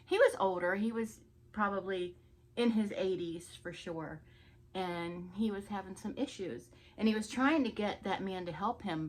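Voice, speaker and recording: Woman vlogger, mid-pitch, casual indignant storyteller. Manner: chatty, indignant storytelling with laughs. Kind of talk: get-ready-with-me story time.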